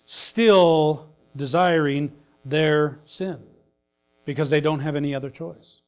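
A male pastor preaching a sermon, swinging between emphatic loud lines and hushed soft ones. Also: fairly high pitch, fairly even intonation, unhurried.

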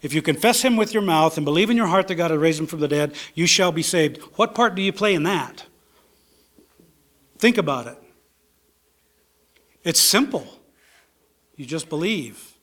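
A man's voice: a little high, animated, moderate pace, pauses often, a bit bright. A man as pastor preaching a sermon in a church, reading scripture and repeating key phrases for emphasis. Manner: reads scripture aloud with fillers between.

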